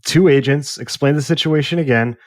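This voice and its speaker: A man co-hosting a movie podcast, telling an exasperated story in casual, animated chat with some swearing. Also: medium pitch, fairly quick, dry recording, studio quality. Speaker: podcast co-host.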